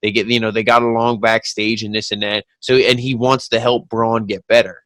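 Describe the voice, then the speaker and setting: A man's voice: fairly low pitch, little pitch movement, fairly quick, a bit bright, no room sound. Laid-back man, dry close sound. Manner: blunt, laid-back, casual swearing. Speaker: wrestling podcast co-host. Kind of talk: casual chat.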